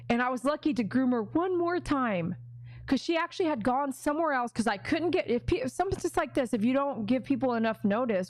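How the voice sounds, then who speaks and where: A woman's voice: fairly high pitch, no echo. A woman who works as a dog groomer, hosting a casual livestream chat in a rambling, chatty way with many asides. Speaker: dog groomer and channel host.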